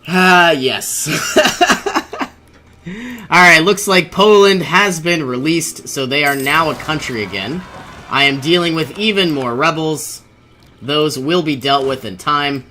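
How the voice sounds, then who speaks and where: Bright-voiced young man narrating gameplay. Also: on the high side, unhurried, slight background noise. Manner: exasperated, laughing often, thinking aloud. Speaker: let's play host. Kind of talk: casual gameplay commentary.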